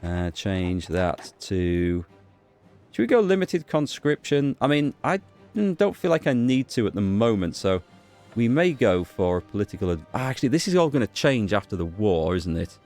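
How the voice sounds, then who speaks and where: A deep-voiced man talks through a strategy game as he plays it, musing aloud and often pausing on fillers and half-finished phrases. Soft background music runs quietly under his commentary. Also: big pitch swings. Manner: thinks aloud, musing with fillers and small restarts. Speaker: gaming YouTuber. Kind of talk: casual gameplay commentary.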